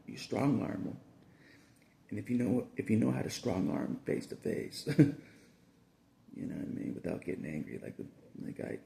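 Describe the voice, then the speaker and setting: Casting: low, gravelly male vlogger with a lively swing in his voice, laughing between lines. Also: a little hiss or hum. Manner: chuckles through nearly every sentence; repeats phrases, restarts often. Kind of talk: casual rambling monologue.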